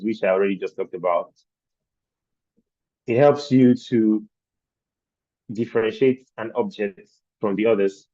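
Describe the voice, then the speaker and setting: Low-voiced man teaching slowly, muffled call audio. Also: dark tone, no room sound. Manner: explains patiently with rhetorical questions. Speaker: design instructor. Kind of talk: virtual training lecture.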